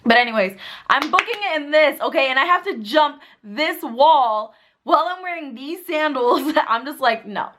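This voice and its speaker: A woman in her twenties telling a story to camera in a chatty, filler-heavy way, bursting into excited quoted voices. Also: high voice, moderate pace, slight background noise. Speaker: vlogger. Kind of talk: casual storytime vlog.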